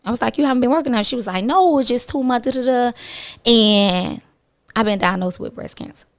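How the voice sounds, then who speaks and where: A woman with a slightly high voice tells a story on talk radio in a blunt, candid way. She swears casually now and then. She slips into the voices of the people she quotes, which keeps the retelling lively. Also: brisk. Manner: animated, acts out other people's lines in her retelling. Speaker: radio show guest.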